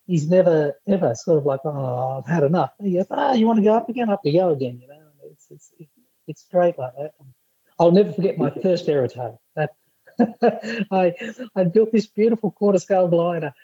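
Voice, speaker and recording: A male podcast guest tells lively stories in a husky, warm voice. The sound is a dull, lo-fi remote line, dry with no room echo. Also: fairly high pitch, moderate pace. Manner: lively anecdotal storyteller. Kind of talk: casual chat.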